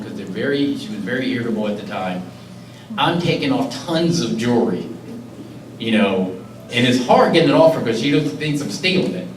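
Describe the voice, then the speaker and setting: A middle-aged county executive with a medium-pitched voice gives a public speech in a community meeting hall, earnestly sharing an emotional personal story. The recording is roomy, from a distant mic, with faint ambience and a little hiss or hum.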